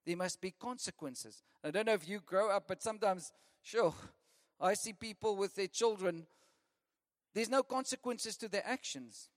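A man preaching a lively sermon, often laughing and repeating lists for emphasis. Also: high-pitched, normal speed. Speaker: pastor. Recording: long reverb of a church hall.

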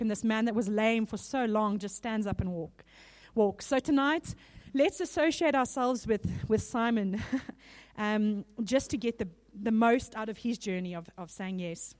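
A woman's voice: fairly high pitch, unhurried. A woman preacher giving a sermon in a conversational way, with small laughs between points, a little nervous. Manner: warm laughing asides, conversational.

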